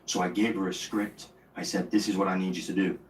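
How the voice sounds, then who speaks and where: A man's voice: deep voice, flat delivery, brisk, a crowd in the background. A man telling a rambling mock testimonial, filling gaps with "you know what I mean". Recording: echoey distant clip with faint noise.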